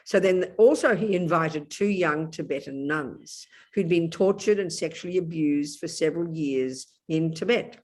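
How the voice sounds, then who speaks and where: A woman's voice: low voice, normal speed, hardly any pauses, darkish tone. Woman, Buddhist nun, emphatic and intimate Dharma teacher on a video call. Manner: emphatic, intimate, calls listeners darling.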